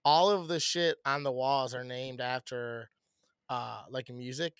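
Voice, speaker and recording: A man's voice: medium pitch, measured pace, clean tone, no room sound, clean studio sound. A young man from Chicago co-hosting a podcast, telling stories in casual chat, swearing often and mimicking people. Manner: animated storyteller, swears a lot, mimics people. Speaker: podcast co-host.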